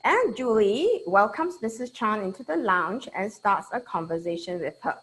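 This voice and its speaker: Animated Singaporean woman trainer. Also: mid-range voice, moderate pace, low-quality recording. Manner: animated, chatty, checks in with audience. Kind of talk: lively online training webinar.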